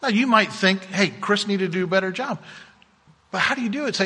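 Male pastor, high bright voice, a bit husky, earnest emphatic sermon, long reverb of a church. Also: lively intonation, fairly quick. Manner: earnest, emphatic preaching with repeated restarts.

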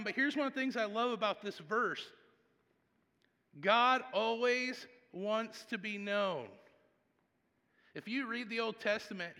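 A pastor with a fairly high, bright, forceful voice, preaching in a conversational, storytelling way. He swings from hushed asides to loud bursts. His words ring out with a long reverb in a large church sanctuary. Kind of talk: sermon.

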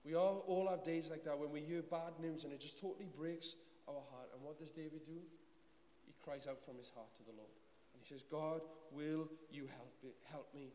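Earnest preacher in an echoey hall. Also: male voice, fairly high pitch, fairly quick, darkish tone. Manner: earnest, pleading, repeats phrases for emphasis. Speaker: pastor. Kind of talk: sermon. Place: church hall. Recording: echoey hall with faint hiss.

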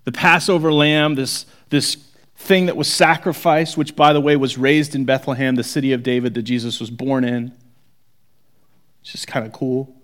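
A man preaching a sermon, shifting from hushed, intimate moments to forceful, rising emphasis. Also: mid-range voice, steady tone, normal speed. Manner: dramatic, swings from hushed to forceful. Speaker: pastor.

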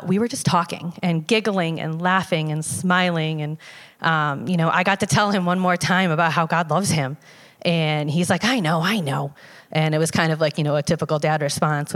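A woman's voice: low-pitched, in a large hall. A woman telling a personal story in a casual, conversational way, with many fillers and restarts. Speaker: storyteller sharing a personal testimony.

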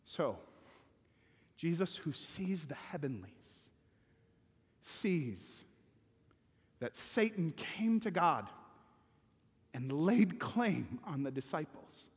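A man preaching a sermon as pastor, swinging between loud stressed words and hushed, quiet passages. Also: on the high side, big pitch swings, slow, pauses often, slightly rough, long reverb tail.

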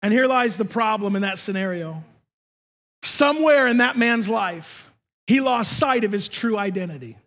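A male pastor delivers a sermon to his congregation in a church sanctuary. His voice sits unusually high for a man. He pushes some lines out at a shout and then drops to quiet, confiding asides. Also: animated, moderate pace. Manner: emphatic, swings between shouting and hushed asides.

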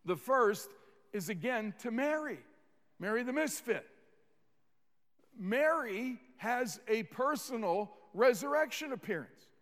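A man's voice: extremely high pitch, animated, takes it slowly, a bit bright, in a large hall. A man preaching a sermon as pastor, earnest, repeating words and leading the congregation in responses.

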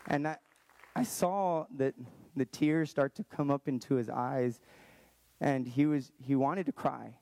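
Earnest man in his thirties, mellow voice. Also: medium pitch, gravelly. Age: 30s. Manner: earnest, halting, with many restarts. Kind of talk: personal storytelling. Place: Texas, around Austin.

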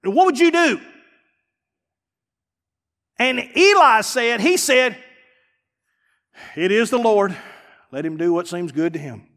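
A man preaching a sermon as pastor, swinging from loud emphatic lines to hushed, dropped phrases. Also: very high-pitched, very animated, a little slow, pauses often, long reverb tail.

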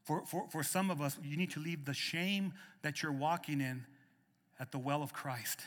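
A man's voice: a little high, normal speed, fairly bright tone, long reverb tail. A middle-aged male pastor preaching a sermon in a church, emphatic and repeating words as he starts phrases. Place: church sanctuary.

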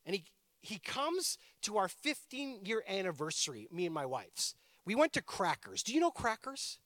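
A male pastor with a high voice that swings widely up and down, talking through a sermon like a chat with friends. He slips into playful asides between points. The sound is close and dry, with no room around it. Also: no echo. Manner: conversational, animated storytelling with playful asides. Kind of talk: sermon with personal stories.

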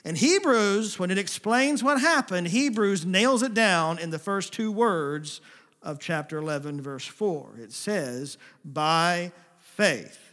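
A man preaching a sermon, swinging between emphatic, forceful passages and soft, hushed asides. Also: high-pitched, expressive, a little slow. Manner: paraphrases God's words in a gentle, intimate voice. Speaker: pastor.

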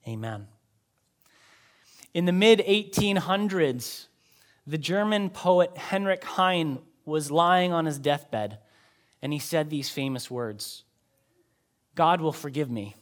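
A man, a pastor, preaching a sermon in a conversational way, with emphatic rises and quiet drops. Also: fairly high pitch, animated, slow.

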